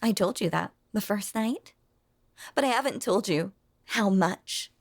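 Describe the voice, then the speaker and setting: Brief: woman in her 20s as a lonely ghost girl in the walls, possessive, very slow, dry close sound. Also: mid-range voice, no room sound. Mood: eerie, possessive. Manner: slow, deliberate, unsettlingly calm. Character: lonely obsessive female ghost haunting the walls. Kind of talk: audio role-play.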